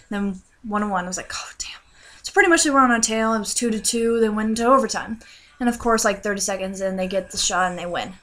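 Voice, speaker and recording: A young woman, probably a teen, casually rambling through a dream story, with lots of "like" and fillers, and a runny nose. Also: medium pitch. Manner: chatty, lots of fillers, animated voices in quotes. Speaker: vlogger.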